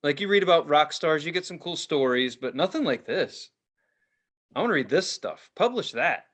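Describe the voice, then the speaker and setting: A man co-hosting a podcast in casual chat, ranting in an animated, profane way. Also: on the high side, moderate pace. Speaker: podcast co-host.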